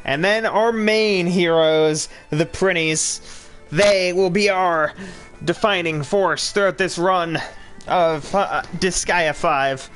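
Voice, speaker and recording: A man's voice: high-pitched, slow pace, fairly bright tone, faint music behind. A man giving casual, jokey let's play commentary, making crude cracks and reading game text aloud. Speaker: gaming video host.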